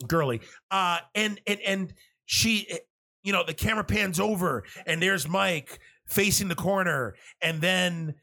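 A man's voice: on the high side, sharp tone. A man talking in a casual, rambling monologue, swearing often and restarting his sentences a lot. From half Cuban. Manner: rambling, profane, lots of restarts.

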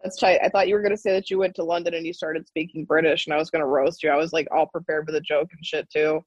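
A woman's voice: low voice, level tone, fast talker, no echo, muffled recording. A young American woman co-hosting a podcast, chatting casually and bluntly, with plenty of swearing. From United States. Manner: blunt and opinionated, swears freely. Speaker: podcast co-host. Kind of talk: casual chat.

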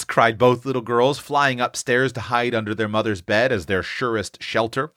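A man reading a classic short story aloud, giving the characters' excited lines a raised, animated voice. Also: lowish voice, normal speed, few pauses, no echo, clean studio sound. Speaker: audiobook narrator.

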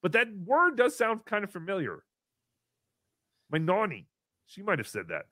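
A man with a high, very lively voice hosts a loose livestream and cracks sarcastic jokes as he reads paid chat messages. His tone is bright, and he swings between loud bursts and mumbled asides on a dry, close mic. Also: normal speed, no room sound. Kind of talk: casual livestream banter.

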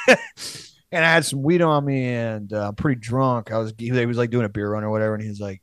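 This is a young man in his twenties, telling a story in a casual, profane ramble. His voice sits at an ordinary pitch and is recorded dry and close, with no room sound. He keeps breaking into quoted lines from his friends. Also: wildly swooping pitch, moderate pace, fairly bright tone, no room sound.

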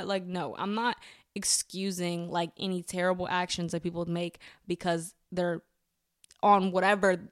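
Young woman cohost, kinda low voice, super dry close mic, chill but emphatic. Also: moderate pace, no room sound. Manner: relaxed, emphatic, laughs along. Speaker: podcast co-host. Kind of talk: casual chat.

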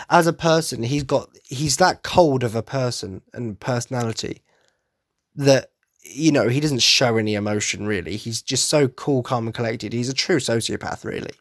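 A man's voice: a little high, dry recording, studio quality. A young man, gushing enthusiastically in a casual solo podcast monologue. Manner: enthusiastic fan gushing, quick asides. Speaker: podcast host.

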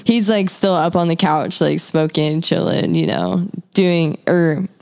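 A young woman hosts a podcast with a laid-back, casual chat full of fillers and laughter. Her voice is fairly low and a little mellow, with vocal fry, fairly even intonation, and a slightly slow pace.

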